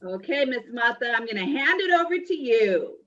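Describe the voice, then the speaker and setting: A woman's voice: a little high, big pitch swings, normal speed, dull audio, heavy background noise. A woman hosting a school assembly, playful and teasing, with sing-song greetings.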